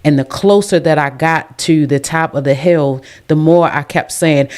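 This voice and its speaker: A woman's voice: low-pitched, fairly even intonation, a little slow, few pauses, darkish tone. A woman hosting a podcast who talks in an emotional, effusive way with churchy phrasing. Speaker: podcast host. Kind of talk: casual chat.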